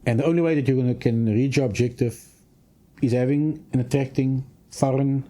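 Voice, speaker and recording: A man speaks in a deliberate, official cadence, laying out plans in long statements. His voice is dark and mellow, sitting at an ordinary middle pitch for a man. It sounds like a studio microphone on a radio interview show. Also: steady tone. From South Africa. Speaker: provincial minister.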